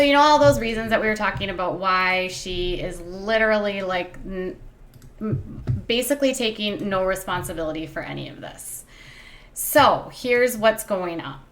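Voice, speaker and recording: A woman's voice: mid-range voice, bright, forceful tone. A woman hosting a livestream, chatting casually through celebrity gossip in a giddy way, with many fillers and asides.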